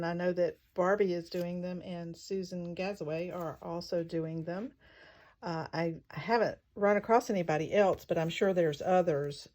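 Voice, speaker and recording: A woman hosting a crafting vlog, chatting casually and thinking aloud as she works, sometimes whispering letters while she writes. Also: fairly low pitch. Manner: spells words out in soft whispers as she writes. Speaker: craft channel host.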